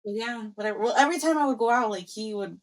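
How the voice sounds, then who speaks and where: A woman's voice: on the high side, fast talker. Chatty young woman telling a story. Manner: animated storyteller, acts out quoted exchanges, mixes in Spanish phrases. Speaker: podcast co-host. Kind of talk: casual storytelling chat.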